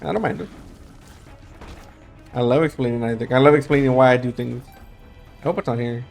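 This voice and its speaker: A young gaming YouTuber gives casual commentary over his gameplay, relaxed and rambling, with plenty of fillers and restarts. His mid-range voice is creaky and a little fast, his throat dry and his tone sleepy from the late hour, while soft music plays faintly in the background.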